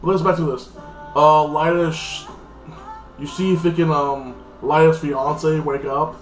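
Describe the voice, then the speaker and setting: A man recaps a TV episode in a casual, rambling way full of fillers and restarts. His voice is fairly high with a flat delivery at a measured pace, in an echoey room with faint guitar music.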